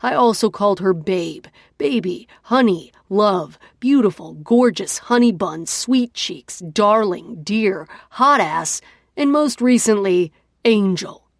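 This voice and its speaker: A woman's voice: medium pitch, lively intonation, slow, dry recording, studio quality. A woman voicing a hurt, angry young man who speaks sharply and emphatically in an audiobook. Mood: cutting. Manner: sharp, emphatic, listing points.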